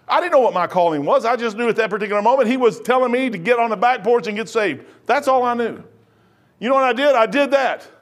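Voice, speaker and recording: A man in his sixties preaches with a notably high voice. His delivery is folksy and lively, dropping to near-hushed asides and then climbing into loud bursts, and he acts out the people in his stories himself. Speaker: pastor. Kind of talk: preaching a sermon.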